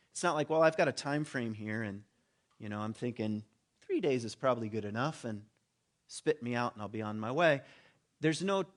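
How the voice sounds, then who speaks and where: A man preaching a sermon in a conversational way, acting out the voices of the people in his story and dropping his voice for asides. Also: mid-range voice. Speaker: pastor.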